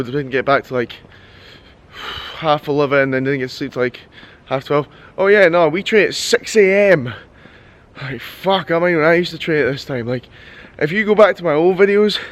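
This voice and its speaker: A young man with a voice that sits a little high for a man, chatting straight to camera in a casual vlog. He tells stories in an excitable, rambling way and swears freely. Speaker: fitness coach and vlogger.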